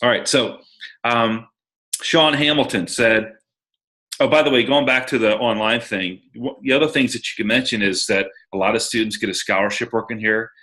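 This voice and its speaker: A man's voice: mid-range voice, normal speed, pushed and bright, low-quality recording. A middle-aged man giving casual coaching talk as a sales trainer on a conference call, chatty and anecdotal with many fillers and restarts.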